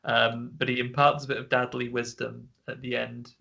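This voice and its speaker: A man with a gravelly edge to his voice talks through a film scene by scene on a video call. His tone is bright and forceful, and he slips into quick character voices as he retells. It is a casual podcast chat between friends. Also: medium pitch, little pitch movement, highs cut off. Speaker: podcast co-host. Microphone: home mic on a video call.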